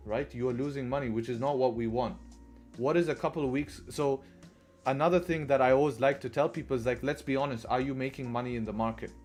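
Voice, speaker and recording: A man's voice: mid-range voice, darkish tone. Casual man hosting a trading stream. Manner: conversational, keeps adding "right?", profane asides. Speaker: trading livestream host. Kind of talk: casual live-stream commentary.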